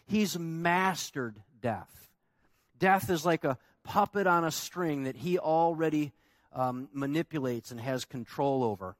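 A man's voice: a little high, moderate pace, no echo. A man preaching a sermon as pastor, emphatic and conversational, asking the congregation rhetorical questions.

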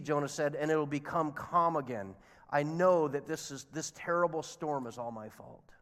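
A man's voice: fairly high pitch, expressive, moderate pace. A man preaching a sermon, telling the story expressively and acting out the characters' lines. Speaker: pastor. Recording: long hall reverb.

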